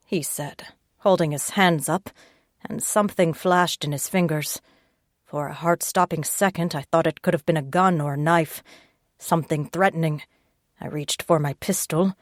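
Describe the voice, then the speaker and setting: A woman's voice: deep voice, no room sound, studio quality. A woman narrating a first-person audiobook with a terse, hard-boiled delivery.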